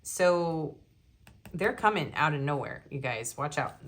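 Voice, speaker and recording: A woman's voice: deep voice, very animated, slow pace, long pauses, slight background noise. A young woman giving a casual tarot love reading, chatting and giggling between the card messages she reads aloud. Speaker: tarot reader.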